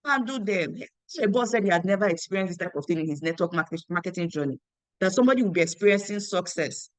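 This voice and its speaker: Here a young woman, a network marketing team leader, talks fast in a voice on the low side, with no echo. She's animated as she relates a motivational story about her business, repeating phrases and acting out dialogue.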